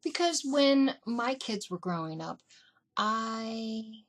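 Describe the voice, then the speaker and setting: A middle-aged woman recounts family stories in a relaxed vlog. Her voice sits a little high and swings widely in pitch. She slips into the voices of her relatives as she tells it. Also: slow. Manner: animated, acts out family members in quotes. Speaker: vlogger. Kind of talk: casual storytelling. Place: indoors.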